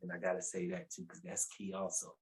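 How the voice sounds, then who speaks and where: In a low voice at a quick pace, a male podcast guest recounts his faith testimony casually and colloquially, repeating words and animatedly acting out quotes with a raised voice. The low-quality recording has a little hiss or hum.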